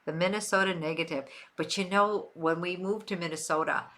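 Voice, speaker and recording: Answering viewers in a relaxed livestream, this older Western New York host repeats phrases to stress her points. She speaks a little fast in a lowish, somewhat bright voice with fairly even intonation.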